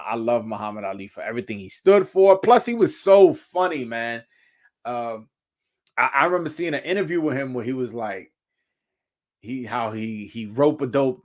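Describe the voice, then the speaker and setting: A man, hosting a casual boxing talk stream and rambling with lots of fillers and slang. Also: medium pitch. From Brooklyn, New York. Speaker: boxing show host. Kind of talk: casual livestream chat.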